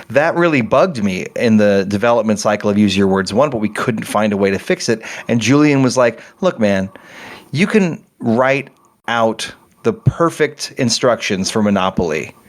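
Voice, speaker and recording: A middle-aged man talking casually as a game developer guest on a podcast, rambling and correcting himself as he tells a story with animation. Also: on the low side.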